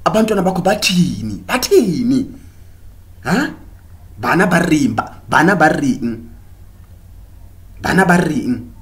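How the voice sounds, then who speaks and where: A man's voice: a little high, sing-song, measured pace, long pauses. A South African man doing a mocking comic rant to the camera, preaching at women and switching between English and local languages. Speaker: comedian vlogger.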